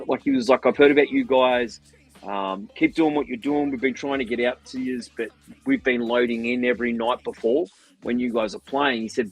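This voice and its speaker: Husky-voiced Australian man telling a story. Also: medium pitch, poor audio. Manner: animated, rambling, acts out others' lines. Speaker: band musician guest. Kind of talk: casual storytelling on a livestream.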